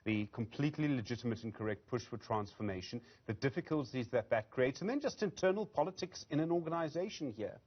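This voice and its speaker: A man's voice: medium pitch, lively intonation, quick pace, hardly any pauses. A man hosts a news interview, musing and hedging as he works toward his point. His voice sits mid-range and comes through a little dull. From South Africa. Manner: reflective, hedging with "I mean". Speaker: news anchor.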